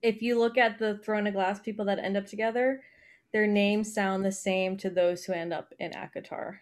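A young woman co-hosting a podcast in casual chat, excitable and rambling with quick asides. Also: medium pitch. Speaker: podcast co-host.

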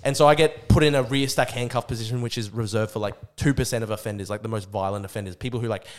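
A young Australian man, a podcast guest, telling a story in a rapid, profane, excitable way. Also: fairly low pitch, crowd noise. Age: young adult. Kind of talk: casual storytelling.

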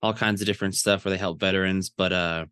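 A man's voice: deep voice, fairly even intonation, fast, a bit bright, clear, resonant tone, dry recording, studio quality. A man co-hosting a podcast, talking in an easygoing way with frequent hesitations. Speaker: podcast co-host. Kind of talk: casual podcast chat.

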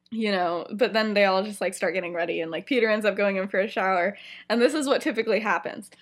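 A young woman co-hosting a podcast, retelling a story in casual chat, animated, with lots of fillers. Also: mid-range voice, fairly quick. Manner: animated storytelling, many fillers, frequent laughs. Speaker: podcast co-host.

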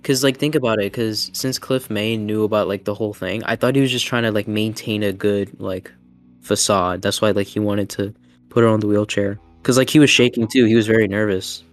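A man's voice: on the low side, fairly even intonation, a little fast, faint music behind. A man co-hosting a casual chat, talking in a chatty way full of fillers. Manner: chatty, filler-heavy, laughs easily. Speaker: podcast co-host.

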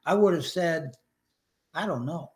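A man's voice: on the high side, lively intonation, a little slow. An older man sharing his personal faith story in a podcast interview, earnest and emotional, acting out his prayers.

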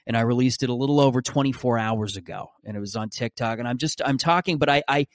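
A man's voice: medium pitch, fast, no echo, studio quality. A young man, hosting a casual solo podcast, rambling with restarts and self-mocking jokes. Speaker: podcast host.

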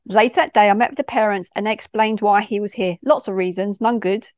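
A woman's voice: mid-range voice, brisk, a little mellow, no room sound, studio quality. A woman, a youth worker reading a personal story in a direct, no-nonsense way. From London.

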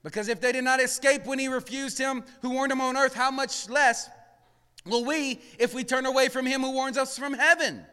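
High-voiced pastor preaching in a reverberant church. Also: male voice, fairly even intonation, normal speed, clean tone. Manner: swings from hushed murmurs to shouted emphasis, calls for responses. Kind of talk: sermon. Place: church sanctuary.

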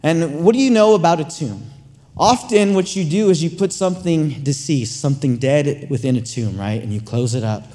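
A man's voice: a little high, moderate pace. Man preaching in an echoing church. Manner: conversational, repeats words when restarting, animated storytelling. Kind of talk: sermon. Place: church sanctuary. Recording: long reverb of a large church hall.

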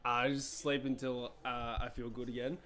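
A young man co-hosting a podcast, relaxed and chuckling, swearing as he tells a story. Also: medium pitch, moderate pace. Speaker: podcast co-host. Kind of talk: casual chat.

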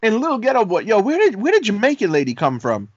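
A man leads a casual podcast chat in a loose, playful, slangy way. His voice sits fairly high. The sound is dry and close, but muffled and lo-fi. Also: wildly swooping pitch, fast, dry recording. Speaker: podcast host.

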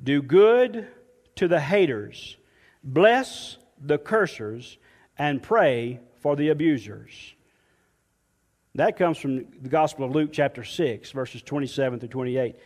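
A man, a pastor, preaching a sermon emphatically and dropping soft and low when quoting scripture. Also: lively intonation, takes it slowly, long reverb tail.

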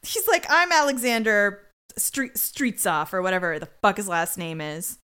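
This woman co-hosts a podcast, and her mid-range voice sounds bright, forceful and clean. She recaps an episode in casual comedic fashion, sarcastic and sweary, briefly acting out the characters in quick voices.

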